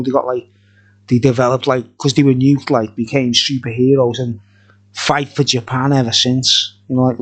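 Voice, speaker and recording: A middle-aged man reviewing beer in a tipsy, jokey, rambling vlog chat, laughing often. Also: mid-range voice.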